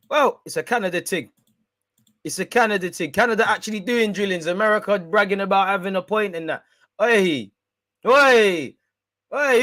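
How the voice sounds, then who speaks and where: Excitable slangy man commentating. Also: fairly high pitch, dry recording. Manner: excitable, slangy, chatty with viewers. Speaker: watch-along host. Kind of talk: live football watch-along commentary.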